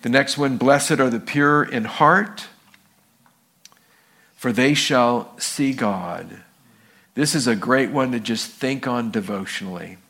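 Speaking slowly with long pauses, a male pastor preaches a sermon built around stories. He animates them by acting out the characters in a raised voice, using a high voice when he quotes people.

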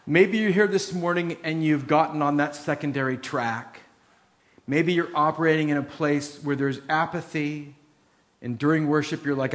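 A male pastor preaching a conversational sermon, acting out quoted voices and closing in soft prayer. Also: fairly high pitch.

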